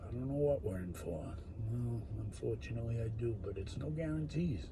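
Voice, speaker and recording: A man talking in a rambling monologue, drifting between loud bursts and muttered, whispered asides. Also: medium pitch, animated, fairly quick, noisy background. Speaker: solo talker.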